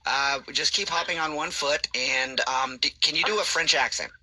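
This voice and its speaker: A man hosting a radio show, pulling a prank call in a calm, matter-of-fact way with fillers. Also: on the high side, normal speed, breathy edge, no room sound. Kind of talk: deadpan prank phone call.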